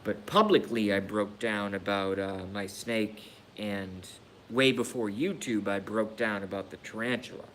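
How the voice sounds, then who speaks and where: A man talks on a live stream in a low, unhurried voice, pausing often, sighing and swearing as he goes. He sounds emotional and grieving. A faint rumble of noise sits under the recording. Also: steady tone, fairly bright tone. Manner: slow, halting talk with sighs and swearing. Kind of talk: casual live-stream rant.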